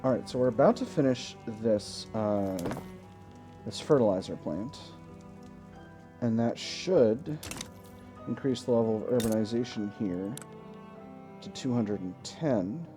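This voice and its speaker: A man hosting a let's play, thinking aloud in a relaxed way as he plays a strategy game. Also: medium pitch, unhurried, long pauses, over music. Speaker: gaming channel host.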